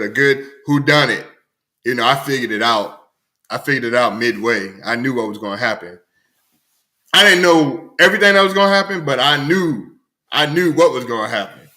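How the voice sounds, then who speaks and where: A man's voice: mid-range voice, pushed and bright. A man hosting his own show, chatting casually and rambling, often repeating himself. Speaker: host. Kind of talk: casual solo show chat.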